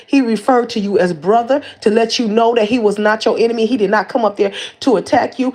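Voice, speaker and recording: A woman's voice: on the high side, a little fast, hardly any pauses, a little mellow. A woman hosting a livestream, calling out someone in a heated rant with lots of repeated words and restarts. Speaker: livestream host.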